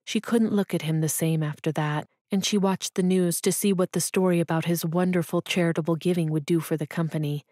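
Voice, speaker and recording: A woman narrating an audiobook in a calm, even storytelling manner. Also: lowish voice, brisk, few pauses, no room sound, studio quality. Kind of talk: scripted narration.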